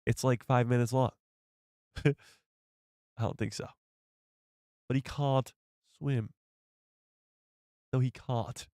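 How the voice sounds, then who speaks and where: A man's voice: medium pitch, steady tone, slow pace, long pauses, a little mellow, no echo, studio quality. A man hosting a casual live stream, chatting to viewers and laughing often.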